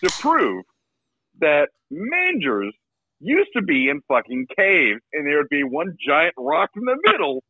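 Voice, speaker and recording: A man's voice: fairly high pitch, huge pitch swings, measured pace, husky, dull audio. A man co-hosting a podcast, chatting casually and profanely about a movie, joking and riffing as he goes. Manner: profane, joking, riffs in silly voices. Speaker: podcast co-host. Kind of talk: casual movie-review chat.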